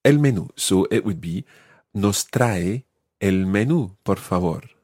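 A man with a low, slightly husky voice teaches an audio language lesson. He explains patiently and slows right down to model each word, recorded close and dry. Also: lively intonation, a little mellow, dry recording. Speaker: language teacher, podcast host.

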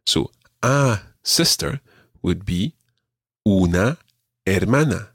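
Low-voiced man teaching a language. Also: expressive, fairly bright tone, husky, no room sound, studio quality. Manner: patient, encouraging, repeats words slowly. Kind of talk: radio language lesson.

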